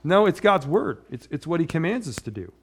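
A man's voice: on the high side, very animated, brisk, husky. Chatty man preaching a casual sermon. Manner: conversational, digressive preaching with frequent "right?". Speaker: pastor.

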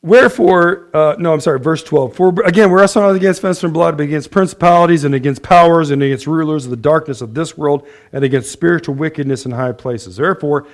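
A man's voice: on the high side, fast, few pauses. A man preaching a sermon, reading scripture and laughing often between points. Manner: lively, laughs often, loud bursts of praise. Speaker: pastor.

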